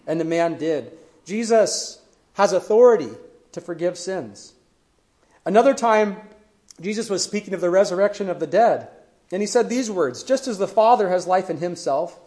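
A man preaching a sermon, retelling scripture stories earnestly and letting his voice fall to a hush at the ends of phrases. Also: high voice, moderate pace.

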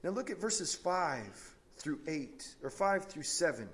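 A man preaching a sermon, telling a Bible story with animated, vivid storytelling, often breaking off and restarting mid-sentence. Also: a little high, slow, few pauses. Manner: animated storytelling, frequent self-interruptions.

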